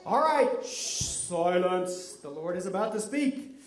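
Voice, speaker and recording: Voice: mid-range voice, normal speed. A children's ministry leader directing a Bible skit with kids, cheering them on and feeding them their lines. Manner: lively, cheering, coaching kids line by line. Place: church children's room. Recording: roomy hall sound, mic at a distance.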